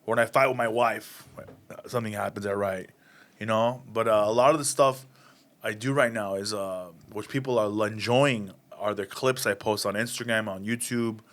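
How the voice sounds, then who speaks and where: Animated comedian telling stories. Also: male voice, on the low side, normal speed. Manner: animated, acts out voices in anecdotes. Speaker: stand-up comedian, guest. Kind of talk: casual storytelling interview.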